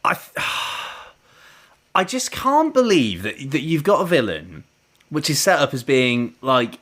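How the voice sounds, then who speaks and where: A man's voice: medium pitch, very animated, takes it slowly, a bit bright. A man co-hosting a podcast, chatting casually about a TV serial in a rambling way. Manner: rambling, chatty, with frequent "like" and laughs. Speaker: podcast co-host. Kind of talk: casual chat reviewing a TV serial.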